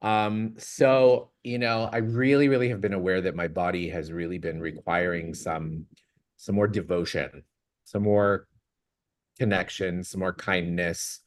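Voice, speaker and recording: A vlog host with a low, steady voice speaks at a measured pace, telling a personal story on his own show. His casual storytelling is chatty and rambling, with frequent laughter and impressions of what people said.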